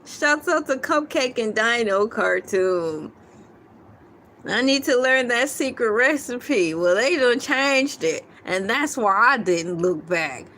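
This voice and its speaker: A woman's voice: a little high, expressive, slow pace, a bit bright, a little hiss or hum. A woman hosting a casual livestream, chatty and playful, laughing often and reading viewer comments aloud. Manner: giggly and playful, laughing often between lines. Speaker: livestream host.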